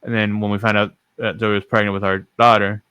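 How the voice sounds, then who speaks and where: A man's voice: fairly low pitch, level tone, a little fast, bright, forceful tone, clear, resonant tone, no room sound. A young man hosting a podcast, telling a personal story in a rambling, self-correcting way. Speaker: podcast host. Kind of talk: casual storytelling.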